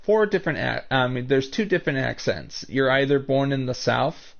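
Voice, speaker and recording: A man from the United States with a Northern US accent, chatting casually with his live-stream viewers in a rambling, halting way full of restarts. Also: mid-range voice, creaky, lo-fi sound.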